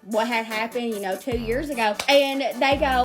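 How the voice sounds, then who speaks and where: A woman's voice: a little high, measured pace, few pauses. A young woman telling a small-town gossip story in a chatty, dramatic way, with teasing asides to the listener. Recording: music bed under the voice. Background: background music.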